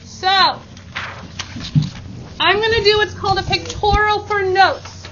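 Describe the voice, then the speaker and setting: Woman math teacher, very high voice, upbeat, classroom instruction, dull noisy recording. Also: fairly even intonation, a little slow, bright, forceful tone. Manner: upbeat, leads call-and-response chants.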